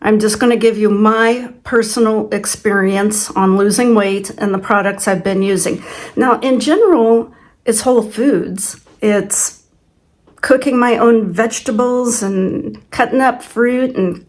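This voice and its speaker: Speaking unhurriedly in a mid-range voice, a sixty-something woman hosts her vlog. She tells a personal tale casually, with a chatty, self-mocking humor.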